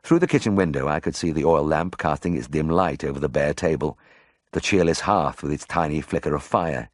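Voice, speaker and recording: A man's voice: rumbling low, a little fast, dry recording, clean studio sound. A man narrating a memoir audiobook in the first person, telling the story expressively.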